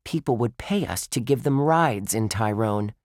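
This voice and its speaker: A man's voice: medium pitch, animated, normal speed, darkish tone, no echo, clean studio sound, voice pushed up, lightly acted. A man voicing a bold, spirited young girl detective who talks hopefully.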